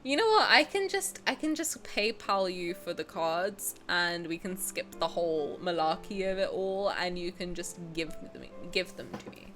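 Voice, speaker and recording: A young adult woman streams a game, chatting casually and reading the story aloud in a casual reaction stream. She is excitable, prone to swearing and sudden loud outcries, and speaks a little slowly with few pauses in a fairly low voice. Faint music plays behind her.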